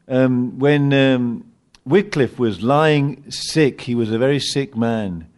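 An older man preaching a sermon, swinging from loud emphatic lines to quiet asides. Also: a little high. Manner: animated preaching, rising loud on key words, dropping to quiet asides.

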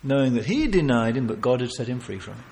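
A man preaching a sermon, earnest and pleading, swinging from loud emphasis to hushed, near-whispered passages. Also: medium pitch, sing-song, quick pace, gravelly, slight background noise.

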